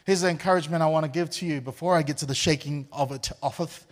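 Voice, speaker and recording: Animated New man preaching. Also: fairly high pitch, rapid-fire. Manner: animated, laughs often, repeats words. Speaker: pastor. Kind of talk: sermon with personal storytelling.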